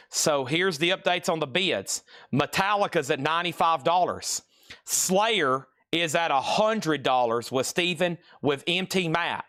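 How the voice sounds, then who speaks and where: A man runs a live-stream sale, moving briskly from item to item and reading out bids. His voice sits a little high for a man, and his patter stays chatty and playful. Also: sharp tone. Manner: quick, playful sales patter, hums riffs and reads out bids. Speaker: auctioneer host of a live record sale.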